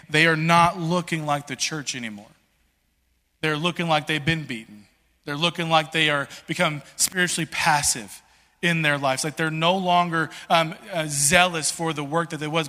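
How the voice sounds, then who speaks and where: A pastor delivers a sermon in a lively, conversational way, tripping over his words as he pushes forward. His voice sits a little high and sounds bright and pressing. A long hall reverb hangs behind every phrase. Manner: conversational, animated, many "like"s and restarts.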